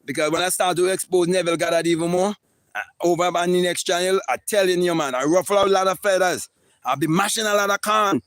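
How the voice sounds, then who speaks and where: A man delivers an impassioned live-stream monologue as a spiritual teacher. His voice sits high, and he hammers points home, swears freely and stumbles over repeated words. The sound is close and dry, with no room echo. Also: fast, a bit bright, smooth. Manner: emphatic, preachy and profane, with repeated words.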